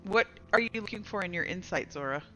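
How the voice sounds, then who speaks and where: Woman dm narrating casually, halting with ums, soft music in back. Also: medium pitch, expressive. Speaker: dungeon master. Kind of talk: narrating a tabletop game.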